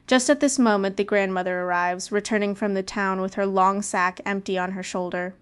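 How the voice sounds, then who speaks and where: A woman's voice: medium pitch, steady tone, fairly quick, smooth. Woman reading a fairy tale aloud. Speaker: narrator. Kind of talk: storybook reading.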